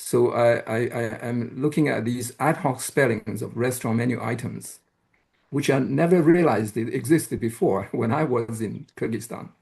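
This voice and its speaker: Gravelly-voiced male academic lecturer. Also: mid-range voice, moderate pace, a little mellow. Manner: explanatory, often checks with "right?"; hesitant, with frequent "uh" and restarts. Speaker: university lecturer.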